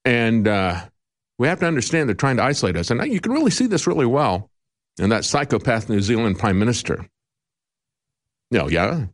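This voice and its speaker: A man's voice: mid-range voice, sing-song, normal speed, long pauses. A male talk show host giving emphatic, indignant commentary with sarcastic asides.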